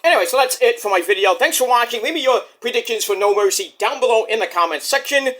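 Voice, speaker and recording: A man's voice: very high voice, expressive, fast talker, a bit bright. A young man casually chatting about wrestling predictions, loose and profane, now and then imitating wrestlers. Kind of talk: casual chat.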